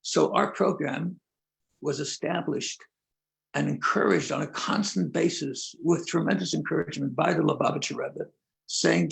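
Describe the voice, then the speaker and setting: An older man, a rabbi, telling stories in an earnest conversational talk, pausing and restarting often. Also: a little high, gravelly. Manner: earnest storytelling with many pauses and restarts. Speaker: rabbi and prison outreach leader.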